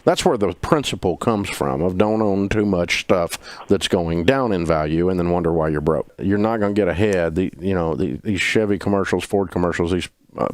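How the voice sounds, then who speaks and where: A man's voice: low voice, no echo, clean studio sound. An older man giving folksy, emphatic personal finance advice as a host.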